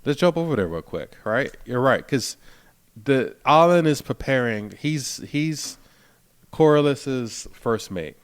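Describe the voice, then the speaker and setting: A man with a Philadelphia accent co-hosts a podcast in a relaxed, conversational way, walking through scenes. His voice sits at an ordinary middle pitch. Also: slow, smooth. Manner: laid-back, recaps scenes, trails off quietly. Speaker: podcast co-host. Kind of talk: casual chat.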